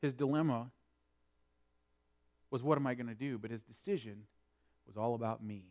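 A man preaching a sermon, swinging between quiet explanation and loud emphatic preaching. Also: mid-range voice, normal speed. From North Dakota. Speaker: pastor.

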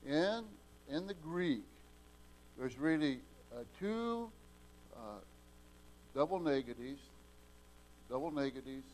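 A man preaching a sermon in a folksy, homespun way, often restarting and repeating words and swinging from soft asides to loud, emphatic peaks. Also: a little high, big pitch swings, takes it slowly, pauses often, slight background noise, rough recording.

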